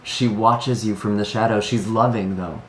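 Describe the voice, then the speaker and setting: A man with a fairly low voice gives a heartfelt tarot reading and sighs between his thoughts. The room is echoey, and a faint noise sits under his voice. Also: fairly even intonation, normal speed. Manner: earnest and emotional, sighs often between thoughts. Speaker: tarot reader. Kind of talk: solo tarot reading to camera.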